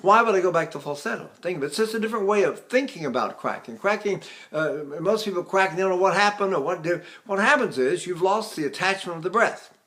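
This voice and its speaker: An older man, a voice teacher, explaining singing technique with halting restarts and sung demonstrations. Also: high-pitched, lively intonation, fairly bright tone.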